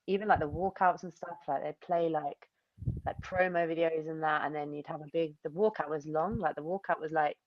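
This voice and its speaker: A young woman, an MMA fighter from the UK, chatting casually in an interview, rambling and animated, with lots of fillers and quoted asides. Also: sits low, brisk, no room sound, lo-fi sound.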